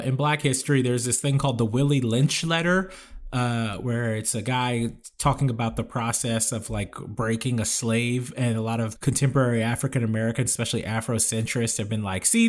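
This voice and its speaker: A man's voice: mid-range voice, fairly even intonation, fairly quick. A man co-hosting a comedy podcast, talking in a dry, offhand way. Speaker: podcast co-host. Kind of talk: casual comedic chat.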